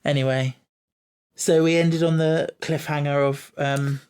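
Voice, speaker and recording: A man co-hosting a podcast in casual chat, eager and quick to laugh. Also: fairly high pitch, level tone, a little mellow, clear, resonant tone. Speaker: podcast co-host.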